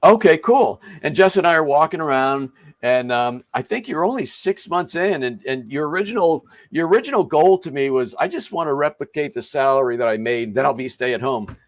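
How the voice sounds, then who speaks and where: A man's voice: on the high side, animated, fairly quick, hardly any pauses, dry recording. Chatty older man hosting a podcast. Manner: chatty, chuckling, self-interrupting. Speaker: podcast host. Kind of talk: casual interview storytelling.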